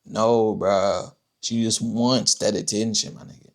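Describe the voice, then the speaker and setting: A man's voice: lowish voice, fairly even intonation, unhurried. A man streaming a casual reaction to video clips, blunt, profane and joking.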